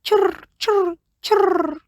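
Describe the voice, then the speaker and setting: A tiny, cross storybook bird, as a woman puts it on scolds in a very high, squeaky, chirping voice. It sounds thin and unlike an ordinary speaking voice, and the delivery is slow and dry, with no room sound around it. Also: big pitch swings, darkish tone, no echo, full character voice.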